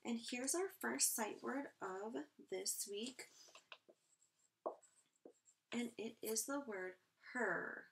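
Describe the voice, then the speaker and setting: A woman teaching a first grade phonics lesson online, encouraging and clearly sounding out each word for young children. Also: a little high, slow pace, background noise.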